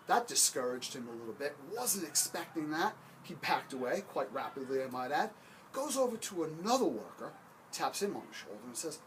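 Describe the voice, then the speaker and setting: A man's voice: mid-range voice, lively intonation, moderate pace, a little hiss or hum, poor audio. A man giving a motivational talk about hiring, emphatic and punchy, telling stories.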